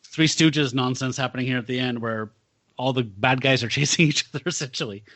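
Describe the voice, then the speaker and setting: Relaxed man in casual podcast chat. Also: mid-range voice, brisk, no room sound. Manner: relaxed storytelling, swearing casually. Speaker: podcast panelist.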